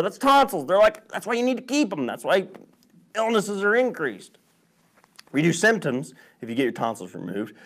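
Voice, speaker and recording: A man's voice: mid-range voice, fairly bright tone. A man hosting a health vlog who reads from studies and talks emphatically, getting worked up as he goes. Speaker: host.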